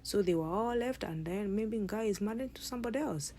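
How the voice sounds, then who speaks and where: A woman's voice: medium pitch, expressive, brisk, mellow, a little hiss or hum. A woman vlogger chatting casually to her viewers as she retells a family story while cooking, rambling and restarting as she goes.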